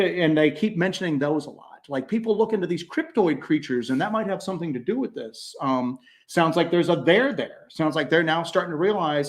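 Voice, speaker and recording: A man co-hosting a live chat show, rambling along in a slightly high voice. He keeps breaking into quoted voices to act out his stories. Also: lively intonation, brisk. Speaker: co-host. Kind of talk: casual livestream chat.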